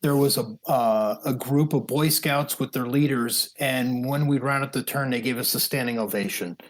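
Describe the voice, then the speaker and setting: A man, a podcast guest, telling hiking stories in an animated, chatty way and often laughing. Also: medium pitch, moderate pace. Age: older. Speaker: podcast guest, thru-hiker. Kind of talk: casual storytelling interview.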